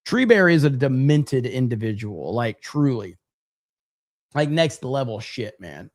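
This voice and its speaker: A man's voice: medium pitch, very animated, measured pace, no echo, clean studio sound. A man hosting a casual livestream, reading viewer messages aloud and reacting with jokey exasperation. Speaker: livestream host reading super chats.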